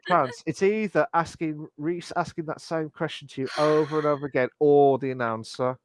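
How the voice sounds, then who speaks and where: A man's voice: fairly high pitch, normal speed, no echo. A man co-hosting a casual gaming podcast, reading out chat messages and talking with hesitant fillers. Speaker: podcast co-host.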